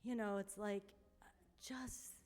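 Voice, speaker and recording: An earnest woman speaks to a church congregation as she walks them through slides. Her voice sits at an ordinary middle pitch. Heartfelt, she sometimes sinks almost to a whisper. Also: fairly even intonation, slow. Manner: earnest and heartfelt, with soft hushed moments. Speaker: church member reporting on a mission trip.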